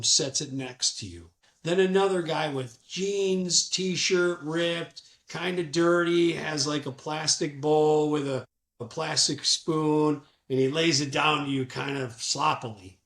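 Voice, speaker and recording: A middle-aged man, a sales professional, telling stories from his career in an animated way and acting out the people he quotes. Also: on the high side. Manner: animated, acts out quotes from calls. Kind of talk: conversational storytelling. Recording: echoey room.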